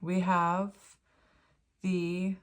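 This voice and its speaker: A woman reading tarot cards for viewers, chatty and gushing, with many pauses and restarts. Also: on the low side, monotone, clear, resonant tone. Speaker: tarot reader. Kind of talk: pick-a-card tarot reading.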